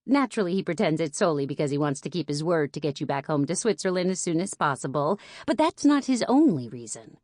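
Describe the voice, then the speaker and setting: A woman's voice: sits low, sing-song, fast talker, few pauses, a little mellow, no echo, clean studio sound. A woman reading an audiobook, voicing a poised woman mentor who answers briefly, politely and vaguely.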